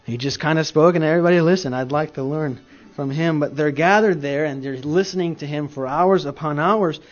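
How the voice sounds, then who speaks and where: A man preaching a sermon in a conversational storytelling way, swinging between loud and soft. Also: on the high side, brisk, lo-fi sound.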